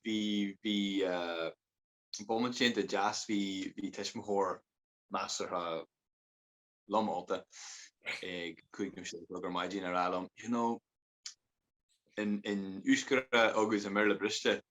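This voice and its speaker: Low-voiced man telling rambling stories. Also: fairly even intonation, measured pace, long pauses, a bit bright, rough recording. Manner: rambling, switches between Irish and English, laughs often. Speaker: podcast guest. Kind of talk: casual storytelling chat.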